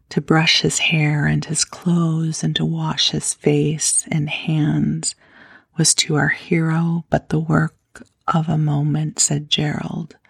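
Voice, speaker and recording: A woman reading a classic children's story aloud in a soft, unhurried whisper. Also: low-pitched, creaky, breathy edge, dry recording, studio quality.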